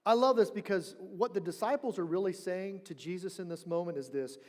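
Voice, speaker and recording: High-voiced preacher in a reverberant hall. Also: male voice, fairly quick, hardly any pauses. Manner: animated storytelling, acts out quoted voices. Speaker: pastor. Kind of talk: sermon. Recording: long church hall reverb.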